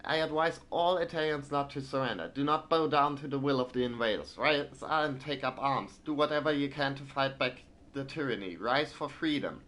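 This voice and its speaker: A man's voice: medium pitch, moderate pace, hardly any pauses, fairly bright tone. A man streaming a video game, reading in-game newspapers aloud and breaking off into hesitant, filler-laden asides. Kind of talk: let's play, reading game text aloud.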